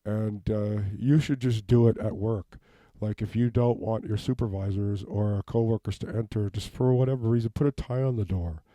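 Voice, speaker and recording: A man rambling through an improvised comedic monologue in a deadpan way, asking "okay?" over and over. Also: lowish voice, normal speed, hardly any pauses, no echo, dull audio. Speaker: comedic self-tape performer. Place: home basement.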